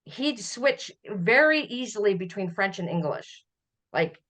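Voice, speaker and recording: A middle-aged Canadian woman, a podcast guest, telling family memories in a relaxed conversational way, often laughing as she recalls. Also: mid-range voice, a little slow. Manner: warm storytelling, laughs while recalling. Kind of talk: conversational interview.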